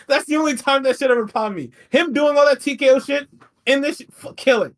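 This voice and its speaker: A man's voice: extremely high pitch, quick pace. A man co-hosting a podcast, recapping wrestling in a casual, profane, rambling way with frequent laughs. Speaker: podcast co-host.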